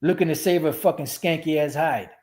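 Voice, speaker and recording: Profane ranting man, higher voice. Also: a little fast, darkish tone. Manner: profane, rambling, emphatic. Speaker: streamer. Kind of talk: ranting religious commentary.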